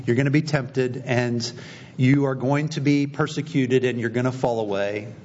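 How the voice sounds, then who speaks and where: A man delivers a sermon, retelling a story and voicing the lines of its people as he goes. The recording is a little dull, with a faint low rumble underneath. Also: fairly even intonation, moderate pace, a little mellow. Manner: storytelling, acting out quoted dialogue. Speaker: preacher.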